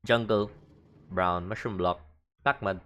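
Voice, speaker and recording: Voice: deep voice, steady tone, unhurried, a bit bright, muffled recording. A streamer from the Philippines with a Filipino accent, chatting casually and thinking aloud while building in a game.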